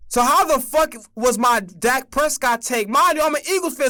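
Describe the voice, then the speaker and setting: Young man, high-pitched voice, animated, swearing, casual sports rant on stream. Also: moderate pace. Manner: animated, profane, emphatic.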